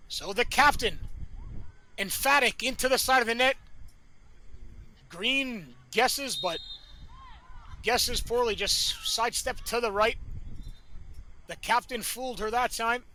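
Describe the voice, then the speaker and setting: A man calling a live match play-by-play, excitable and rising to shouts at big chances, with colorful catchphrases. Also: very high-pitched, slow, pauses often, slight background noise. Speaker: play-by-play commentator. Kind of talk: live sports commentary.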